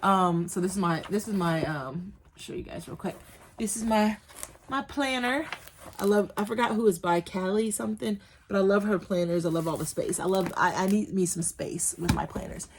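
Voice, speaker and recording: A woman's voice: medium pitch, normal speed, slight background noise. A woman chatting in a small business vlog from the floor, rambling with many fillers and restarts. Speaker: small business owner vlogging. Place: indoors, sitting on the floor.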